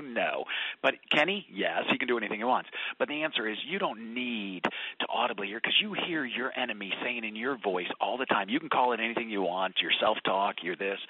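A man on a radio show, calling in over a thin, phone-like line. His voice is husky and dry, and his pitch jumps around a lot as he tells stories with great animation. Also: no echo. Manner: animated, telling stories and acting out quotes. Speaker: author and guest.

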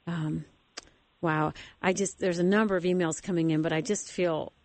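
A woman's voice: fairly low pitch, fairly even intonation, normal speed, a little mellow, dry recording. A woman hosting a faith radio interview, asking long questions in a conversational way. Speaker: radio host.

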